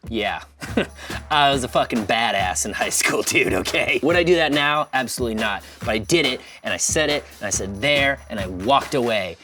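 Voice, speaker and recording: A male comedian telling a story with crude, animated delivery and lots of profanity. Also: medium pitch, moderate pace, far from the mic, soft background music. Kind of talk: stand-up storytelling.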